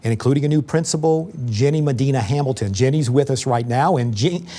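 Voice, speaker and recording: A man's voice: mid-range voice, brisk, mellow. A man interviewing a new school principal in a friendly, conversational way. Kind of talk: interview host.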